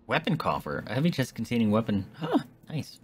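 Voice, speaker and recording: A man's voice: medium pitch, sing-song, a little fast, soft background music. A man streaming a game, chatting casually and reacting to what happens. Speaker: gaming streamer. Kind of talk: casual let's play commentary.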